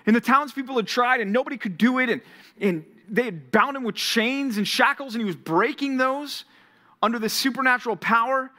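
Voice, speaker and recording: A male pastor preaching a sermon to a college ministry, retelling Bible scenes with animated storytelling. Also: very high voice, brisk.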